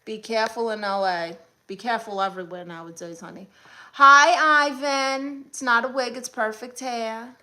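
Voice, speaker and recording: A sassy comedian from Brooklyn, New York, hosts a live stream, reading out chat comments with blunt, quick comebacks. Her voice is bright and on the high side, with fairly even intonation.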